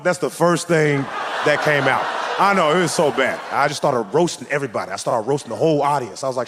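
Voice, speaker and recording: Performing live before a club audience, this male comic talks a little fast with a mid-range voice, animatedly playing the people in his story. Laughter and crowd ambience are audible throughout.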